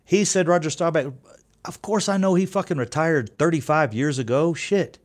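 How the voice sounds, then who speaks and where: A man's voice: on the high side, normal speed. Fifty-year-old man hosting a fan channel, chatty and profane, stumbles and restarts often. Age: 50s. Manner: rambling, profane, restarts sentences. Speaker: YouTube sports channel host. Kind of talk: casual fan commentary.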